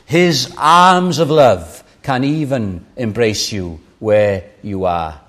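A man's voice: medium pitch, slow, a bit bright. An older man preaching a sermon, earnest and pleading, rising in fervour on key phrases.

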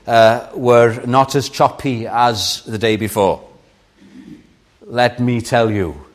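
An older man preaching a sermon, earnest and pleading, rising in fervour on key phrases. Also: medium pitch.

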